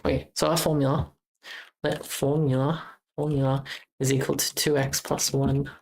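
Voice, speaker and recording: Low, gravelly Australian woman streamer. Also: flat delivery, normal speed, darkish tone, poor audio. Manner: rambling, thinks aloud, self-correcting. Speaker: game jam streamer. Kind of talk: casual livestream chat while coding.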